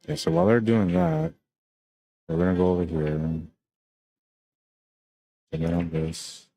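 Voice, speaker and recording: Laid-back man with a deep voice. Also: very animated, unhurried, vocal fry, dark tone, no echo. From Canada. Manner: laid-back, chatty, often ends lines with "man". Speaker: pool commentator and stream host. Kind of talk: live play-by-play commentary.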